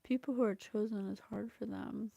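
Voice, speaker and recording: A woman's voice: mid-range voice, steady tone, normal speed, creaky, mellow, no echo, highs cut off. A woman hosting a casual spiritual livestream, chatty and effusive, thanking viewers and reading a psalm aloud. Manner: chatty, effusive, laughs often, reads scripture aloud. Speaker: psychic reading host.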